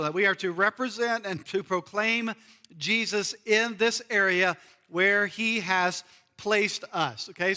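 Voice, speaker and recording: A man's voice: high voice, bright, forceful tone, long reverb tail. A man from the United States preaching a sermon as pastor in a church, earnest and repeating key phrases for emphasis. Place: church sanctuary.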